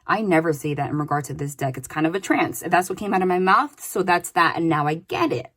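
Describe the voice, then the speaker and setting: Her deep voice is a bit bright and moves fairly quickly as she gives a relaxed, talkative tarot reading. She keeps adding "like" and "okay?" throughout.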